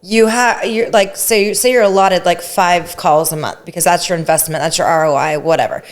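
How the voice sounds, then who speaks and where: A woman co-hosting a casual podcast, animated and a bit over the top, with blunt remarks. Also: on the low side, a little fast. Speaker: podcast co-host, real estate agent. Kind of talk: casual chat.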